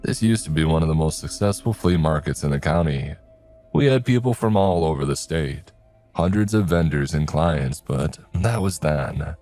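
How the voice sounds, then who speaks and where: A man voicing a folksy older man in a cowboy hat, a drawling, friendly property owner who talks slowly. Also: a bass voice, expressive, mellow, faint music behind. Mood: wistful.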